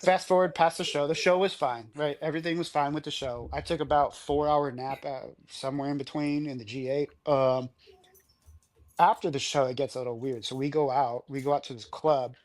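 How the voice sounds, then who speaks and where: A man's voice: fairly high pitch, fairly even intonation, a little fast. Boisterous, foul-mouthed male guest. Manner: boisterous, profane. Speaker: podcast guest. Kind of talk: casual storytelling.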